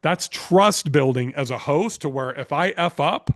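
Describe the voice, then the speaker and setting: A man guesting on a podcast, telling business stories in an energetic, blunt way and swearing freely. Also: fairly high pitch, unhurried, dry recording, clean studio sound. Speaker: podcast guest, real estate investor. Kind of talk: casual interview storytelling.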